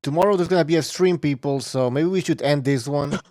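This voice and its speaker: A man's voice: a little high, a little fast, a little mellow, dry recording, studio quality. A man hosting a boxing podcast, loose and joking as he steers the show. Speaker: podcast host. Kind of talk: casual boxing chat, wrapping up show.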